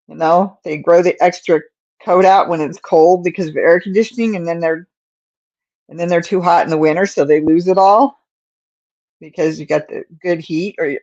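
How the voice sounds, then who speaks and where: A woman's voice: lowish voice, a little mellow. A woman hosting a casual crochet livestream, cooing in baby talk to her cat between rambling asides, on a slightly dull recording. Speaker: crochet channel host.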